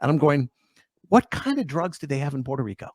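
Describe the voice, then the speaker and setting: A man's voice: mid-range voice, very animated, fast talker, dry recording, clean studio sound. A man hosting a radio comedy show, chatting casually and quoting people in put-on voices. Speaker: radio host. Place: radio studio.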